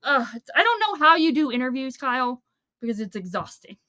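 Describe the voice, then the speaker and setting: A woman's voice: sits high, sing-song, a little fast, pushed and bright, dry recording, clean studio sound. A woman hosting a casual book chat over a video call, rambling and chatty with lots of fillers. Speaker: book channel host.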